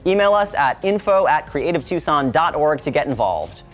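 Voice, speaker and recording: A man's voice: a little high, very animated, normal speed, a bit bright, soft background music. A man anchoring a satirical local newscast, reading in a sardonic, editorializing way. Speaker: news anchor.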